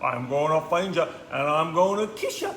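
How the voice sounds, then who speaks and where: A man's voice: fairly high pitch, lively intonation, normal speed, fairly bright tone, a little hiss or hum, pitched above the performer's own voice. A man with an Australian accent voicing an eager, cheeky little boy mouse in a slightly raised voice. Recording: echoey room.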